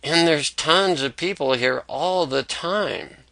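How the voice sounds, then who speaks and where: A man voicing an eager woman advertising executive, speaking slowly with a slightly raised voice. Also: a little high, creaky, bright, forceful tone, no echo, voice pushed up, heavily acted, rough recording.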